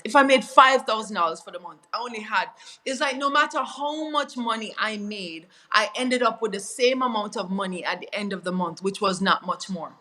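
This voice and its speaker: Bright-voiced woman with a Jamaican lilt. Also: mid-range voice, low-quality recording. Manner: earnest and confessional, slipping into patois. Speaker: guest. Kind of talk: faith-based testimony in an interview.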